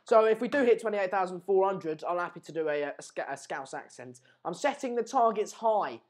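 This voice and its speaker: An energetic young man rambles through a casual live football chat stream. His talk is jokey and self-mocking as he jumps between the match and his viewers' comments. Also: high-pitched, a little fast.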